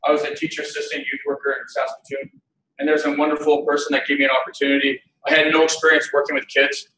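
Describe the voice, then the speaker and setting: Guy telling funny stories at a keynote, bright tense voice, big roomy hall, laughs a lot. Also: on the high side, fast talker, slight background noise. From Canada. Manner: animated, self-mocking, laughs often. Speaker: keynote speaker. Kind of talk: humorous storytelling keynote. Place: conference hall. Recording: echoey hall, mic at a distance.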